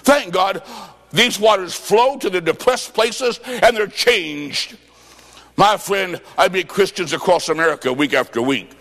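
A man preaching a revival sermon, fervent, with shouted bursts and stories told in quoted dialogue. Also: high-pitched, a little slow. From US Midwest. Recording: long reverb of a large hall.

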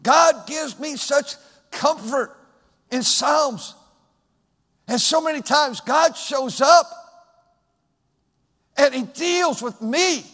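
A man preaching a sermon as pastor, swinging from loud, shouted emphasis to soft, hushed speech. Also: very high-pitched, very slow, pauses often. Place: large church sanctuary. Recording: long hall reverb.

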